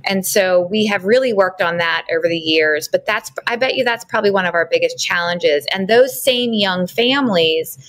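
A woman's voice: medium pitch, normal speed, few pauses, fairly bright tone, rough recording. A woman who leads small groups at a church, speaking as a guest in an interview, earnest and sometimes searching for words. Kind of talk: conversational interview.

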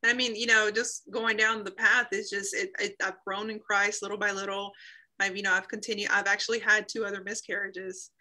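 A woman's voice: mid-range voice, level tone, a little fast, bright, forceful tone, poor audio. A woman in her thirties earnestly sharing a personal faith testimony over a video call, acting out quoted remarks as she goes. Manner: earnest storytelling with reenacted quotes.

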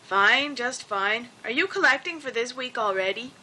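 A woman's voice: a little high, expressive, moderate pace, bright, forceful tone, heavily acted. A woman voicing a welcoming hostess in a storybook reading. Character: warm welcoming hostess Edna. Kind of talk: storybook character voice.

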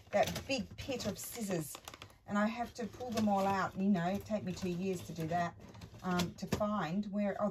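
A woman of medium pitch makes a craft at home and talks along with it, meandering and dropping in plenty of ums and asides, over some background noise.

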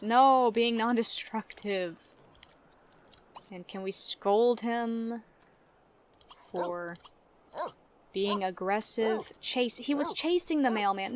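A woman's voice: on the high side, a little hiss or hum. Chatty young woman narrating her gameplay. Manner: chatty, talks to her game characters, laughs often. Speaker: let's play gamer. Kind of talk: casual gameplay commentary.

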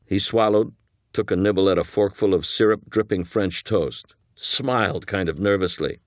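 A man's voice: on the low side, moderate pace, no room sound. A man narrating a first-person crime novel in a wry, hard-boiled manner, recorded on a close studio mic. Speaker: audiobook narrator.

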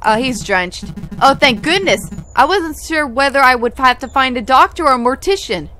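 A woman's voice: sits high, animated, normal speed, bright, forceful tone, slight background noise. A woman doing a brash male fisherman. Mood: blunt.

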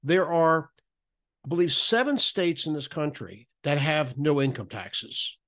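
Halting man explaining tax rules. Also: a little high, expressive, a bit bright. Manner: halting, with many restarts and repeated words. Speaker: podcast guest, federal benefits writer. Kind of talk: explanatory podcast talk.

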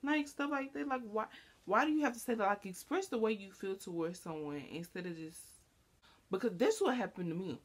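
A young woman chatting casually to camera as a vlogger. She rambles with lots of fillers and acts out quoted lines in a higher voice. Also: lively intonation, brisk.

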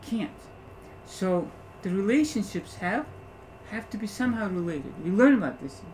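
A man teaching algebra to a class, animated, constantly asking rhetorical questions to check that students follow. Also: sits high, normal speed, a little hiss or hum, rough recording. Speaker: math teacher. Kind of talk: classroom lecture.

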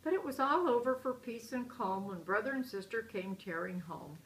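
A woman's voice: fairly high pitch, expressive, moderate pace, a little hiss or hum, poor audio. A woman reading a children's picture book aloud in a chatty way, stopping to point out the pictures. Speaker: storyteller.

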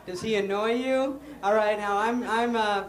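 A young man performing a stand-up set on stage, sarcastic and quick with mocking asides. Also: high voice, fairly even intonation. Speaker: stand-up comic. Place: stage before a live audience. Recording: roomy stage sound with crowd.

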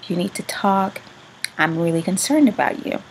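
A woman vlogger telling a personal story in a halting way, with words that often trail off into a soft whisper. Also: medium pitch, lively intonation, slight background noise, low-quality recording. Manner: halting, with many restarts and fillers.

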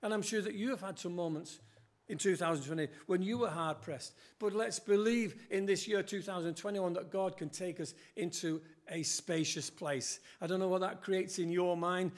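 A man's voice: high voice, fairly even intonation, normal speed. An older man preaching a sermon in a church, earnest and quoting scripture with rising emphasis.

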